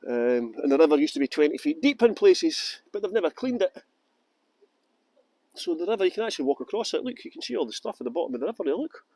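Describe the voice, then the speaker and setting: Man, high-pitched, close dry sound, jokey tour guide chatter, outdoors. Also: very animated, fast talker, mellow, dry recording, low-quality recording. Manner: chatty, jokey, breaks into song and silly voices. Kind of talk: live-streamed walking tour chat. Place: outdoors by a river in the rain.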